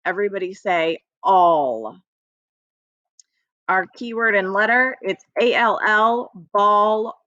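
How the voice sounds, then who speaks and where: Lady teacher doing a phonics lesson for little kids, slow and chirpy, dry close sound. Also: medium pitch, fairly bright tone, no room sound, dull audio. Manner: upbeat, sing-song teacher voice talking to young children. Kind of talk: recorded classroom phonics lesson.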